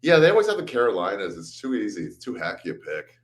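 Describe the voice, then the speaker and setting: A man's voice: lowish voice, huge pitch swings, fast. A man, a comedian, chatting casually as a guest, joking and self-deprecating with laughs. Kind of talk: casual chat.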